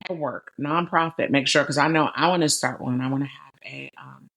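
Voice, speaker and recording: A woman's voice: very deep voice, a little fast, vocal fry, fairly bright tone. A middle-aged woman hosting an interview podcast, talking animatedly and calling her listeners "y'all". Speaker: podcast host. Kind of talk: conversational interview.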